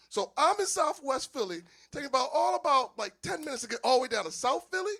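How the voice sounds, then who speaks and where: This stand-up comedian from Philadelphia talks fast with few pauses in a very high voice. Loose, animated stories and frequent laughter at his own jokes fill his set at a small live venue with an audience.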